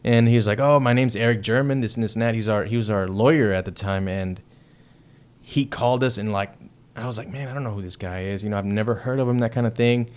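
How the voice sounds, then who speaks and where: A man from Texas, a heavy metal band member, telling a story as a podcast guest in a loose, profane and excitable way. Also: fairly low pitch, fast talker, smooth. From Texas, United States. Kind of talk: casual storytelling chat.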